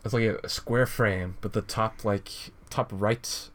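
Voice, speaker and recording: Low-voiced man, rambling, giggly podcast reader. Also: fairly even intonation, takes it slowly, fairly bright tone. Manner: rambling, giggly, swears casually. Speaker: podcast co-host reading a fan comic aloud. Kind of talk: casual comedic chat.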